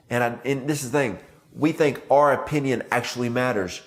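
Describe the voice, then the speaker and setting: A man's voice: mid-range voice, brisk. Male minister, easygoing devotional talk that slips into quoted voices. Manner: conversational, acts out quotes. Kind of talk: devotional video message.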